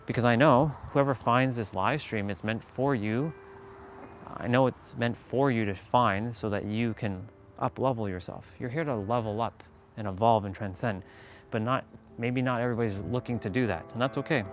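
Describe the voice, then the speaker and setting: A man chatting on a live stream, earnest and rambling, full of fillers as he gives motivational self-help talk to his viewers. His voice sits at an ordinary middle pitch, and a faint hiss of background noise runs under the home recording. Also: normal speed.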